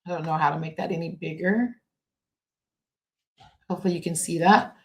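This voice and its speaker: A woman hosting a casual commentary podcast from home, talking in a halting way with many fillers and restarts. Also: deep voice, steady tone. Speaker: podcast host.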